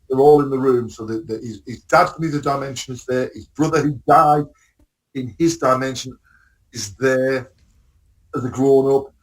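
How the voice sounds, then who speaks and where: A man co-hosting a podcast, casually recapping TV episodes, rambling and swearing, acting out scenes. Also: medium pitch. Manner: rambling, swearing, acts out scenes with bursts of excitement. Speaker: podcast co-host. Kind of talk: casual chat about TV shows.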